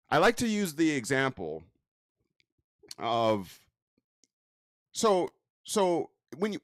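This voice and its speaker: Casting note: man, slow-paced conversational lecturer, very lively swooping pitch, dry close sound. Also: dry recording. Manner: conversational, asks the listener rhetorical questions; slow, drawn-out delivery with wide pitch swings. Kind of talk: casual teaching talk.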